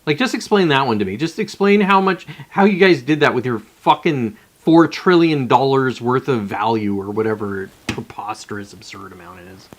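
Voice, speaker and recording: A man's voice: medium pitch, moderate pace, few pauses. A man hosting a casual live stream, rambling and swearing as he reads chat comments aloud and reacts to them.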